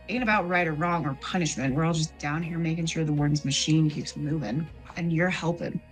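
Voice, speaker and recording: A woman plays a bitter, streetwise male smuggler in a tabletop game. He talks in a low, slow folksy drawl full of rough slang. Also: natural voice. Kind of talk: tabletop role-play.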